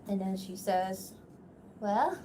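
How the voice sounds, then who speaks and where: A woman's voice: on the low side, measured pace, a little hiss or hum. A young woman chatting casually on a livestream as a voice actor, laughing often and reacting to the comments. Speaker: voice actor streamer. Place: at home, seated.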